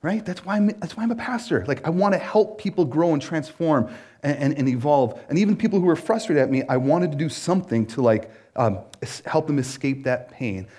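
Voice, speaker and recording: A man preaching a casual sermon as a pastor, telling a personal story in an animated way, full of "like" and "right?". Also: a little high, fairly quick. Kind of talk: conversational sermon.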